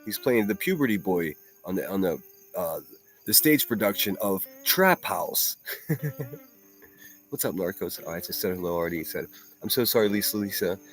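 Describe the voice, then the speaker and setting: A man's voice: deep voice, expressive, normal speed. A man hosting a livestream, chatting casually and mocking clips with frequent laughter and swearing. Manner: profane, laughing, rambling mockery. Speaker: livestream host reacting to clips.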